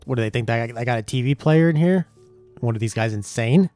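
A man giving casual gameplay commentary, excitable and swearing a lot, yelping when startled. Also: mid-range voice, quick pace, no echo, faint music behind. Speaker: gaming YouTuber.

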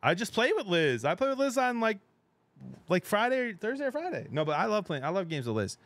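Fairly quick and high-pitched, a middle-aged man streams games and chats casually with his viewers. He's excitable and talkative, laughs a lot, and leaves sentences unfinished, with no room sound in the recording.

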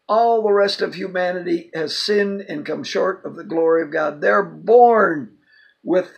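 Older man with a high, gravelly voice. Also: poor audio. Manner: emphatic, quoting scripture with quick asides. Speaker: Bible teacher. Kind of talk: informal Bible teaching.

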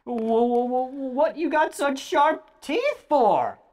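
A woman's voice: high-pitched, lively intonation, extremely slow, a little mellow, voice pushed up, full character voice. A woman voicing a frightened young boy who asks stammering, timid questions.

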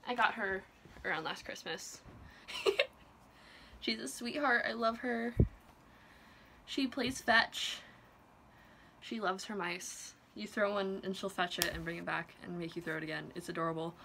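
A woman's voice: medium pitch, unhurried, long pauses, noisy background. A young woman chatting casually in a home vlog, playful and gushing, baby-talking to her pets. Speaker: vlogger.

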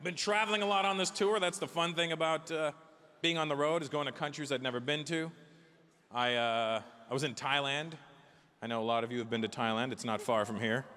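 A man in his forties performing a stand-up comedy set, talking animatedly and acting out characters in quick bits. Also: fairly high pitch, fairly even intonation, bright, forceful tone. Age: 40s. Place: large theater with a live audience.

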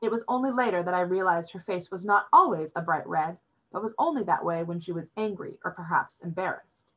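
A woman reading a novel aloud in a plain, steady storytelling manner, recorded with dull lo-fi sound. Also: fairly low pitch, a little fast.

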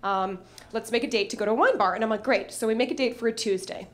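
A woman's voice: on the high side, fast. A young adult woman telling a funny personal story on stage, self-mocking and acting out the voices of people in it. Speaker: stand-up comedian. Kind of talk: live comedic storytelling.

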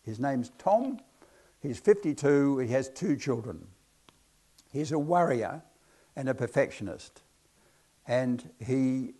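A man's voice: medium pitch, a little mellow. A man giving a hypnotherapy talk to an audience, telling chatty, self-deprecating stories about his cases. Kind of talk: anecdotal lecture to an audience.

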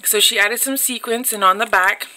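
A woman's voice: fairly high pitch, moderate pace, pushed and bright. A young woman filming a casual craft unboxing on her phone, gushing and chatty as she talks to her viewers. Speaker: craft vlogger. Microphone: phone camera.

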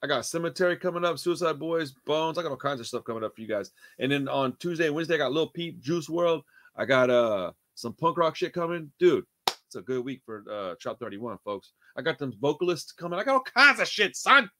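A man hosting a music reaction channel, talking casually in a profane, excitable, slangy way. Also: mid-range voice, fairly quick.

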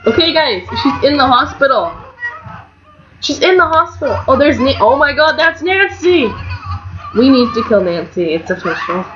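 Excitable young woman narrating a life-sim game. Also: high voice, moderate pace. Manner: chatty and excitable, swinging between mock outrage and squeals. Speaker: gamer narrating her let's play. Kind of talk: casual gameplay commentary. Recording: dull lo-fi home mic with faint hiss.

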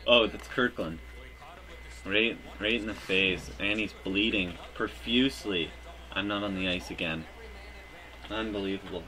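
A man giving live commentary over his own hockey video game, joking and breaking into loud cheers at big plays. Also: lowish voice, moderate pace, a crowd in the background. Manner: excitable, jokey, bursts into loud cheers. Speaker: gaming YouTuber.

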